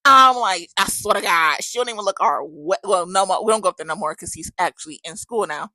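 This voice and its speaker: A woman's voice: on the low side, a little fast, no room sound. A woman, likely a mother of several kids, telling a story in a casual chat style and animatedly acting out the people she quotes. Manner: animated, acts out quoted dialogue.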